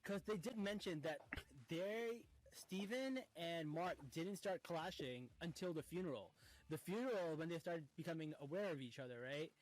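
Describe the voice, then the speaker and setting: A man's voice: fairly high pitch, poor audio. A man in casual podcast chat, laying out fan theories at length with plenty of fillers. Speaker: podcast co-host.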